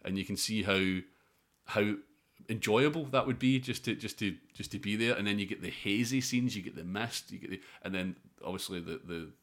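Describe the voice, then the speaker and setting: A man's voice: lowish voice, fairly quick, a bit bright. A man co-hosting a casual film podcast, rambling with many fillers. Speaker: podcast co-host. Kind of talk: casual chat about films.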